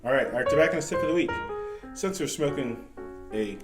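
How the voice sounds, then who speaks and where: A man's voice: a little high, expressive, fairly quick, over music. A man co-hosting a podcast, telling stories in loose, profane, laughing chat. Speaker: podcast co-host. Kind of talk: casual chat. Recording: echoey room with faint noise.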